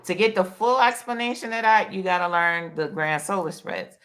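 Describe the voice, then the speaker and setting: A woman's voice: lowish voice, moderate pace, fairly bright tone. A woman with a New York accent in casual chat about card reading, rambling and repeating words with lots of "you know". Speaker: panelist.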